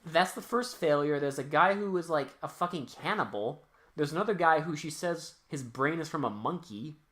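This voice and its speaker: This podcast co-host, whose voice is a little high and fairly bright, goes over a movie at normal speed in a joking, profane chat, acting out the characters' dialogue.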